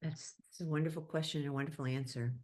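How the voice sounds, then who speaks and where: A woman with a low voice hosts a talk about parenting over a video call. She asks questions plainly and keeps up soft, attentive murmurs while her guest answers. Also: steady tone, quick pace. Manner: attentive, gives soft backchannel affirmations. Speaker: host. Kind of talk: interview moderation on video call.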